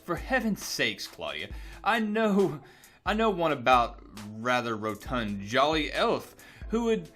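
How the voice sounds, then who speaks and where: A man voicing a condescending doctor who mocks in a low, dismissive tone. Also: fairly bright tone. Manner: mocking, condescending.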